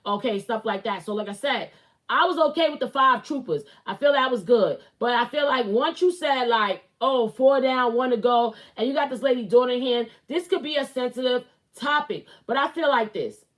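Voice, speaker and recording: A woman with a somewhat high voice talks straight into her own show, spilling blunt opinions. She rambles, circles back and repeats herself. Her delivery is casual and full of fillers. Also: animated, fairly quick, a bit bright. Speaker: host. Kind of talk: casual celebrity gossip commentary.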